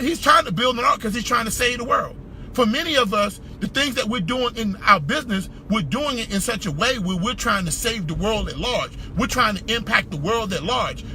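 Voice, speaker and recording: A man giving a motivational business talk, emphatic and repetitive, shouting for emphasis and calling out to the audience. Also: sits high, a little hiss or hum. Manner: preacher-like call-and-response. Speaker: business speaker.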